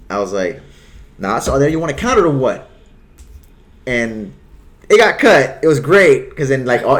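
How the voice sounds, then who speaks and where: A man's voice: medium pitch, slight background noise. A man hosting a casual chat, telling rambling stories and acting out the quoted lines of other people. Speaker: host.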